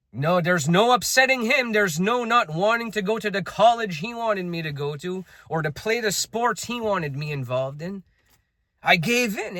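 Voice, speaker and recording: A man talking as a self-improvement coach in a high, bright voice. He is blunt and emphatic and swears freely. The sound is dry and close. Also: no echo. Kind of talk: unscripted motivational talk.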